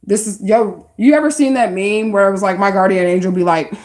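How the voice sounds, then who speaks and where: A woman gives casual tarot readings on a livestream, talking directly to her viewers in a chatty, slangy style. Her voice is medium-pitched and darkish, fairly even in intonation and a little fast.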